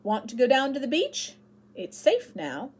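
A woman's voice: high-pitched, a little slow, husky, pitched above the performer's own voice, exaggerated voice. Woman voicing a scornful young boy. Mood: eager. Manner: lively, then cool and scornful.

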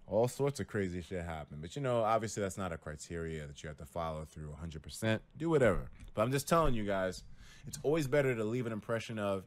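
A young man talking casually to his viewers on a livestream, telling stories and acting out quotes with loud jumps in pitch and lots of cursing. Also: brisk. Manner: animated storytelling, acts out quotes with big pitch jumps and cursing. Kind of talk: casual stream talk to viewers.

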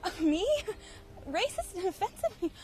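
An actress playing an awkward teenage girl torn between two suitors, halting and deadpan in a parody sketch. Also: very high-pitched, faint music behind, full character voice.

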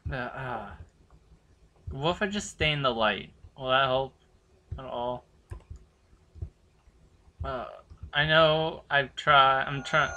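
A teenage boy hosting a horror game playthrough, chatting to viewers in rambling asides and swearing loudly when startled. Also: medium pitch. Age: teens. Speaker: gaming channel host. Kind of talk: horror game let's play commentary.

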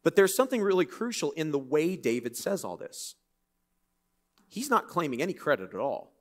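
A man preaching a sermon in a church, reading scripture and breaking into lively, conversational, joking asides. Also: a little high, moderate pace. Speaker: pastor.

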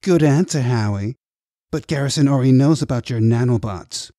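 A man's voice: mid-range voice, moderate pace, mellow, no room sound, studio quality, voice pushed up, close to an everyday voice. A man voicing a smug, manipulative male boss in an audiobook, baiting in tone. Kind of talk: audiobook character voice.

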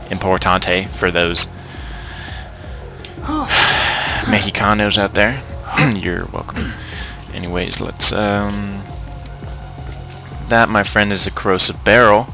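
This let's-play clip has a young man talking slowly in a fairly low, gravelly voice, pausing often as he jokes and chats with the enemies in his video game. Game music sits behind the commentary.

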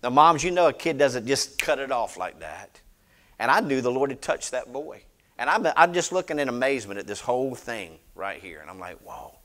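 A middle-aged man, preaching a sermon as he tells a personal story, swinging from loud declarations to hushed retellings. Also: medium pitch, big pitch swings, fairly quick. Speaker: pastor.

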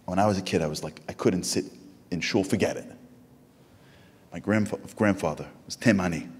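An American man telling a lively story to an audience, acting out the voices of the people in it. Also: slightly rough. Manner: animated, acts out quoted voices in a high pitch. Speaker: Jewish speaker. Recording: echoey hall with long reverb.

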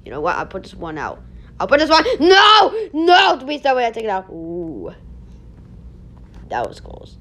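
A woman hosting a casual gameplay video, excitable, yelling and laughing as she plays. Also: fairly low pitch, moderate pace, pauses often. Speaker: gaming video host.

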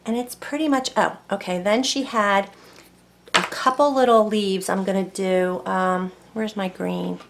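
Chatty woman with a gravelly voice. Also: medium pitch, measured pace, background noise. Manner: chatty, thinking aloud while working. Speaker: craft painting teacher. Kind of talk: casual painting tutorial.

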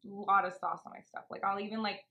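A woman's voice: medium pitch, flat delivery, fast, echoey room, highs cut off. A young woman co-hosting a casual mukbang vlog, giggly and rambling in an easygoing way. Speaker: vlog co-host.

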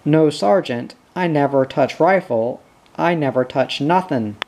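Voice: medium pitch, darkish tone. A reader voicing a frightened, pleading stockman. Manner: broken outback English, halting and pleading. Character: frightened male outback stockman accused of murder.

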